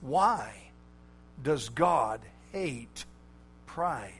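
A man preaching a sermon, slow and emphatic, drawing out key words. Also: mid-range voice, lively intonation, a bit bright, faint music behind.

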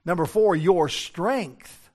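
An older pastor with a notably high-pitched voice delivers a sermon. He preaches earnestly, dropping to hushed, low tones and then climbing into raised, urgent appeals. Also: expressive, takes it slowly.

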